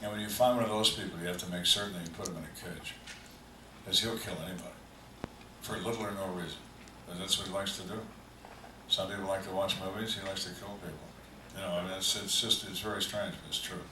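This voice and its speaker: An older man who was a homicide detective tells dry, deadpan stories with slow, emphatic pauses at a live fan Q&A. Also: deep voice, background noise. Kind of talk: live storytelling Q&A. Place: event room on a cruise ship, live audience. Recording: echoey room, distant mic, faint ambience.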